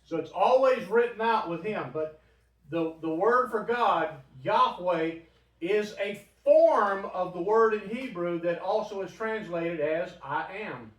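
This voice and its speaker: A man's voice: high voice, expressive, a little slow. A man teaching a Bible study in a church room, talking conversationally and putting questions to the group. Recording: roomy, from a distant mic.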